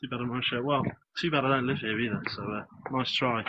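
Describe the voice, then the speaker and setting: A man's voice: mid-range voice, fairly even intonation, fast talker, muffled recording, very noisy. A man chatting casually while live-streaming from his phone on a walk outdoors. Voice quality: chatty, joking, reads out comments. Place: outdoors on a street. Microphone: phone held while walking.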